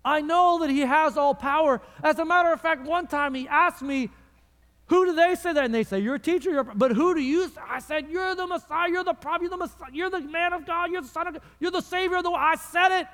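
A man's voice: extremely high pitch, quick pace, a bit bright, voice pushed up. A man preaching, voicing the disciple Peter as frightened and bewildered in a sermon retelling. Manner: frantic, pleading. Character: anguished male disciple Peter, fearful and bewildered. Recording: long reverb of a large hall.

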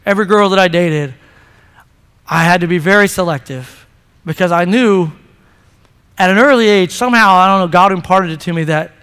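A man's voice: sits high, moderate pace, long pauses, fairly bright tone, clear, resonant tone. A man in his thirties, a pastor preaching a chatty, playful sermon to his congregation. He often repeats words as he starts a sentence. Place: church sanctuary. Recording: long hall reverb.

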